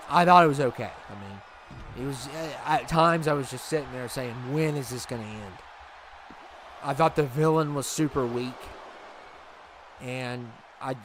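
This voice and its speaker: A man talks to his livestream viewers in a loose, rambling way, laughing easily as he goes. His voice sits at an ordinary middle pitch. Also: fairly bright tone, slight background noise. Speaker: livestream host. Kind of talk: casual chat with viewers.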